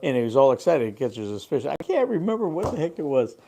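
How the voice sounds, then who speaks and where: An older man co-hosting a fishing show, chatting casually and telling animated stories about the old days. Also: fairly high pitch, quick pace, gravelly. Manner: lively storyteller, animated. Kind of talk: casual chat.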